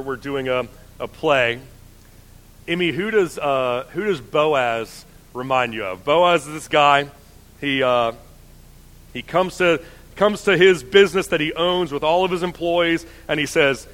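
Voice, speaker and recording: A man's voice: medium pitch, a bit bright, big-room sound. A male pastor giving a casual, enthusiastic sermon, telling stories with many restarts and fillers.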